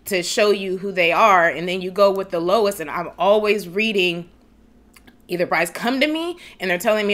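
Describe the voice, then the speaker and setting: A woman's voice: lively intonation, fairly quick, a bit bright. A woman hosting a casual live Q&A at home, giving direct, chatty advice. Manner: chatty, direct, acts out quoted people in higher voices. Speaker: wedding planning host.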